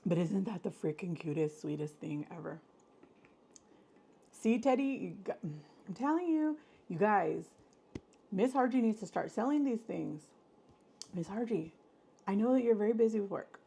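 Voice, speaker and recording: A woman with a gravelly, slightly rough voice hosts a relaxed live stream at normal speed, leaving long pauses. Effusive and gushing with her viewers, she swoops high whenever she gets excited.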